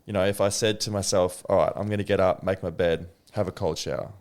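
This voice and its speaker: A man hosting a podcast, relaxed and casual, swearing now and then while he reflects. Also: low-pitched, quick pace. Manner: relaxed, frequent short affirmations, casual swearing. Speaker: podcast host. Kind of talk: conversational interview.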